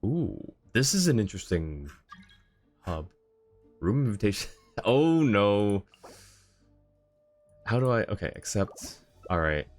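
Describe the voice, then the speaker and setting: Low-voiced man chatting on a stream. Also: very animated, slow, long pauses, darkish tone, faint music behind. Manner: effusive, thanks viewers, laughs often. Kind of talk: casual live-stream chat while gaming.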